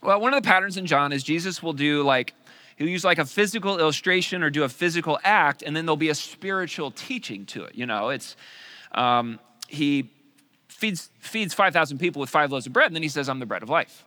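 A male pastor preaching a sermon in an animated, conversational way with joking asides. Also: on the high side, a little fast.

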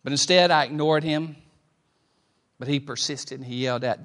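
A middle-aged man preaching a sermon, telling a personal story and swinging from quiet, slow lines to loud ones. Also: a little high. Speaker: pastor.

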